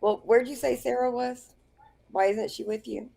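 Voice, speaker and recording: A woman's voice: steady tone, normal speed, gravelly, dark tone. A woman joining a casual chat, teasing the others with big swings in her voice. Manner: teasing, swings widely in pitch. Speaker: guest.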